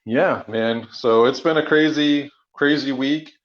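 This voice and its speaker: A man co-hosting a podcast in relaxed, joking chat. The recording sounds slightly dull and lo-fi. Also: mid-range voice, unhurried. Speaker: co-host.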